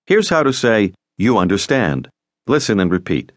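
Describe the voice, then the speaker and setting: A man narrating a recorded language course, giving calm, scripted prompts for the listener to listen, repeat and answer, in a studio. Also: lowish voice, moderate pace, no room sound. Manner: calm, directive teaching prompts.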